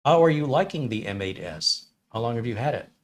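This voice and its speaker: A man's voice: mid-range voice, animated, fairly quick. A man hosting a casual tech livestream, chatting with viewers and reading out their comments in a rambling, think-aloud way.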